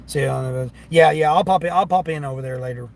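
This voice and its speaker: A man talks casually on a livestream from his car, grumbling about gig work and customers. His voice sits a bit high for a man, and the hum of the vehicle runs underneath. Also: fast, vocal fry, a little mellow. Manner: chatty, complaining, acts out customers' voices. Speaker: delivery driver livestreamer. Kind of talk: casual livestream chat while driving.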